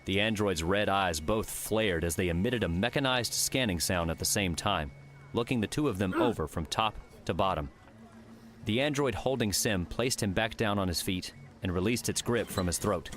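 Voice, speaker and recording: A man narrating an audiobook in a steady, even storytelling voice. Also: lowish voice, normal speed, a little hiss or hum. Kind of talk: scripted narration.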